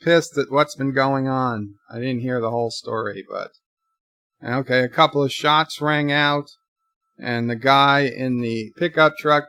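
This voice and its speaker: With a sharp tone and a mid-range voice, a commentator speaks at a measured pace on a dry recording. He's a channel host giving spontaneous live reactions to a TV episode, describing each scene as it plays and thinking aloud as he goes.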